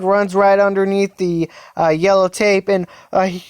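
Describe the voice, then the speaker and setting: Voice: medium pitch, little pitch movement, moderate pace, few pauses, clear, resonant tone, no echo, studio quality. A fan storyteller narrating a story casually, rambling and hesitant with many fillers and restarts.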